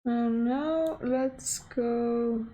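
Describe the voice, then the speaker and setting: A young woman streaming a chess game, talking excitedly to her computer opponent, gasping and exclaiming at the moves. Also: a little high, very slow. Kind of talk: casual live-stream chess play-by-play.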